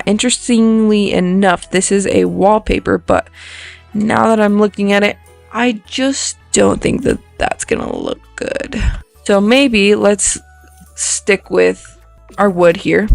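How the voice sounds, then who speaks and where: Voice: mid-range voice, vocal fry, no room sound. A video creator giving casual, rambling commentary while building in a life-sim game, thinking aloud and poking fun at their own mistakes.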